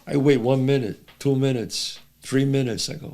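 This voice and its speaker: A man's voice: medium pitch, normal speed. An older man from New York with a New York accent, a podcast guest telling profane neighborhood stories in casual chat and acting out the lines of the people in them. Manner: animated, swearing, acts out characters' lines.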